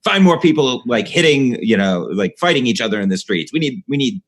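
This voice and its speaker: A man's voice: mid-range voice, expressive, brisk. A man hosting a podcast, chatting casually and agreeing with his guest in a laid-back way.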